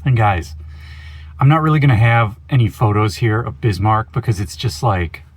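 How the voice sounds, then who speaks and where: A man's voice: on the low side, animated, normal speed, slightly rough. A man from Oregon giving a casual, rambling video update from inside his van, with goofy self-mocking asides. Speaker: van life vlogger.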